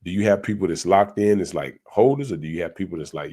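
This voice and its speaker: Deep-voiced man with a loose, animated delivery. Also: fast talker. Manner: animated, repeats himself, addresses viewers as y'all. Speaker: crypto commentator. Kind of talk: casual livestream talk.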